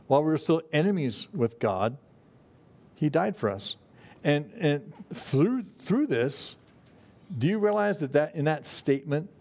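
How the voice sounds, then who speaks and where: A middle-aged man teaching a Bible study in a relaxed, folksy way, with frequent fillers and restarts. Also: on the high side. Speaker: pastor.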